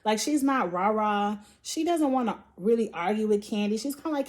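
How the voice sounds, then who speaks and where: A woman's voice: mid-range voice, expressive, normal speed, a little mellow. A woman hosting a casual recap vlog, blunt and profane with lots of slang, animatedly acting out quotes. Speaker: show reviewer and channel host.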